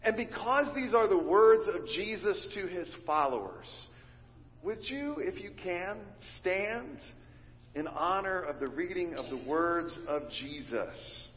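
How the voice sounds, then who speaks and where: A man's voice: high voice, lively intonation, takes it slowly. A man preaching a sermon as pastor, teaching and leading his congregation in call and response. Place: church sanctuary. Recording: dull recording in a reverberant church hall.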